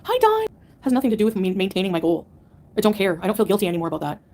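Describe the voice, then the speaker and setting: A woman's voice: mid-range voice, huge pitch swings, racing, darkish tone. A woman livestreamer answering her chat in a combative, sarcastic rant. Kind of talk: live-stream rant to chat.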